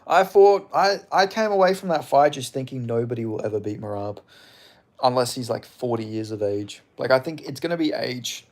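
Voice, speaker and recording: A man's voice: mid-range voice, expressive, normal speed, a little mellow. A young Australian man from Western Australia chatting casually on a livestream about MMA, reading chat and rambling with plenty of swearing and filler words. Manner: rambling and profane, with frequent fillers and chuckles.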